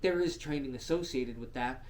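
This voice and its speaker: A man co-hosting a podcast, telling stories in casual chat, full of swearing and quick asides. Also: mid-range voice, a little hiss or hum. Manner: animated, profane storytelling with frequent laughs. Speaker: podcast co-host.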